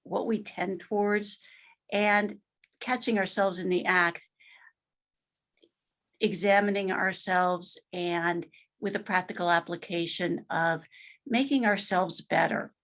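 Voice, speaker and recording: A woman's voice: on the low side, fairly even intonation, slow pace, long pauses, fairly bright tone. Woman mediator speaking in a webinar. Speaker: mediator, presenter. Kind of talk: webinar talk.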